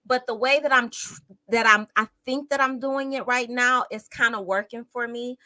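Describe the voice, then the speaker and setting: A woman with a bright, fairly high voice chats casually to her livestream viewers, greeting them one by one. She is emotional and close to tears as she talks, and the sound is dry and close. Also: fairly even intonation, moderate pace, dry recording, rough recording. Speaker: teacher hosting a true crime livestream.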